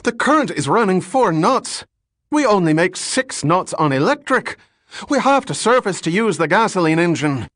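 A frightened first mate on a storybook submarine, shouting and pleading in a voice pitched well above normal, as a male narrator puts him on. He sounds loud and strained, close and dry. His panic never quite leaves him. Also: sing-song, moderate pace, no echo. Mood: panicked.

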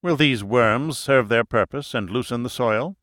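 A man's voice: medium pitch, a little slow, fairly bright tone, no echo, clean studio sound, lightly acted. A man reading an audiobook who voices a ruthless, commanding woman at the head of a secret cabal, giving cold, imperious orders. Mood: scornful.

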